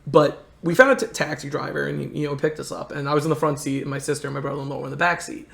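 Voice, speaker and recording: A man's voice: a little high, little pitch movement, rapid-fire, creaky, few pauses, fairly bright tone. A man from the United States telling rambling, earnest travel stories in a casual chat. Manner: earnest, rambling anecdotes with many restarts. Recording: echoey room.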